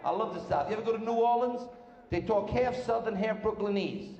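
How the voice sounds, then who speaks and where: On stage before a live audience, a male stand-up comedian fires off brash, rapid-fire jokes and slips into character voices. His voice is high-pitched, and the muffled recording has background noise plus the echoey room reverb of a live club.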